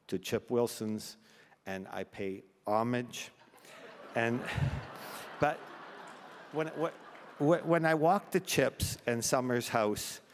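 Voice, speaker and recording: Older man, halting speech, hall reverb. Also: fairly low pitch. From Canada. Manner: self-deprecating humor, halting restarts, fighting back tears. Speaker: award recipient giving acceptance speech. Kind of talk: emotional acceptance speech. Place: large banquet hall. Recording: long reverb of a large hall.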